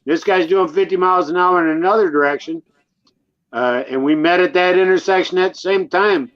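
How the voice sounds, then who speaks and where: A middle-aged married man tells a story on a casual podcast, slowly and with frequent "uh" pauses. His voice sits a little high for a man. The audio is dull and lo-fi. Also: fairly bright tone. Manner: measured, many "uh" pauses. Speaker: podcast guest. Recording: dull lo-fi sound.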